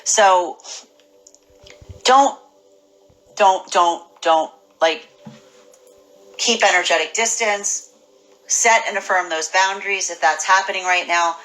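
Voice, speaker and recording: A woman giving a casual spoken tarot reading, animated and full of restarts and repeated words. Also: medium pitch, slow pace, pauses often, poor audio. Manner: acts out imagined people's voices. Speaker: tarot reader.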